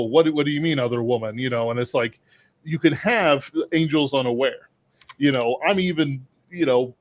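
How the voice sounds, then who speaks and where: Halting man on a dull, lo-fi mic. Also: mid-range voice. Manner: halting, searching for words, many restarts. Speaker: podcast co-host. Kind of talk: casual livestream discussion.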